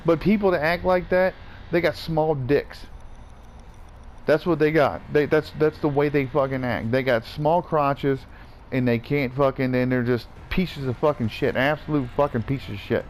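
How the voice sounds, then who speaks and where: A man's voice: a little high, fairly even intonation, moderate pace. A man venting in a profane, repetitive rant while gaming, with faint background noise.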